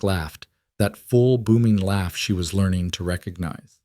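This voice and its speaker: Low-voiced man narrating a calm story. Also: unhurried, no room sound, clean studio sound. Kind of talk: scripted narration.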